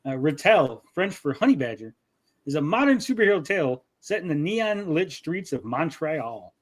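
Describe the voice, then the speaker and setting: Male host, slightly high pitch. Reads pitch copy aloud, keeps cutting in with crude jokes. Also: big pitch swings, moderate pace. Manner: reads promo text then breaks into crude joking asides. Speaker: livestream show host. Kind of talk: casual livestream chat, reading a crowdfunding pitch aloud.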